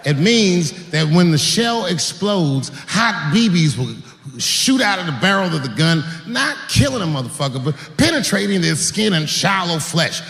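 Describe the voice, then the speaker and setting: A man performing profane stand-up comedy on stage, acting out stories with shouted sound effects. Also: high-pitched, moderate pace. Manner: profane, animated, full of acted-out sound effects. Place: stage in a large hall. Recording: echoey hall, faint noise.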